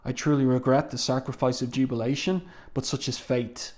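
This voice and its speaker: A man's voice: mid-range voice, level tone, brisk, darkish tone, natural voice. A man reading a grandiose, menacing villain. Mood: grand menacing.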